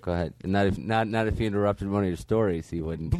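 A man's voice: on the low side, noisy background. A man chatting casually on a podcast, cutting in with playful, sarcastic questions. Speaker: podcast guest. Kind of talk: casual chat.

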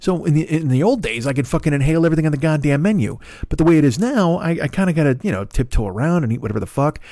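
A man's voice: a little high, expressive, racing, warm tone, no echo, clean studio sound. A man hosting a podcast, ranting in a profane, exasperated and rambling comedic way. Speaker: podcast host.

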